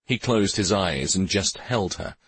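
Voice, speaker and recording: Man reading a fantasy novel aloud, low husky voice, dry close sound. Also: expressive, measured pace, a bit bright, no room sound. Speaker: audiobook narrator. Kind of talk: scripted narration.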